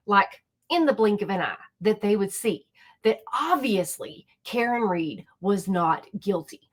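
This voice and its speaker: A woman hosting a casual reaction commentary channel, chatty and talking straight to her viewers. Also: mid-range voice. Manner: chatty, animated, speaks directly to viewers. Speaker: YouTube commentary host.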